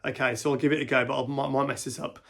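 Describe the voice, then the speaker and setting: A man's voice: mid-range voice, level tone, very fast, vocal fry, fairly bright tone. A man teaching guitar in a casual way, counting beats and scatting rhythms aloud. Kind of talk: casual instructional talk. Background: guitar and backing track playing.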